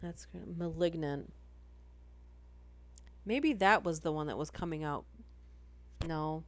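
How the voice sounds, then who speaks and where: Chatty woman with a low, dry voice. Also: takes it slowly, dry recording. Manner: rambling, chatty, self-interrupting. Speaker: horror story reader and streamer. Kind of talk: casual live-stream chat between story readings.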